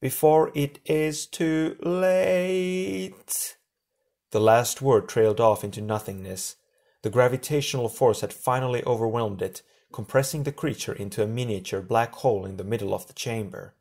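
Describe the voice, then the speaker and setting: A man narrating an audiobook chapter in a steady storytelling manner. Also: lowish voice, brisk. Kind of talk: scripted narration.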